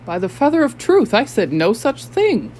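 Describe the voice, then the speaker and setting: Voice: medium pitch, lively intonation, unhurried, a little mellow, slight background noise, low-quality recording. An audiobook narrator voicing a blustering male ship captain who grows frightened and agitated. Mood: panicked. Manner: agitated, exclaiming. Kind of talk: audiobook character voice.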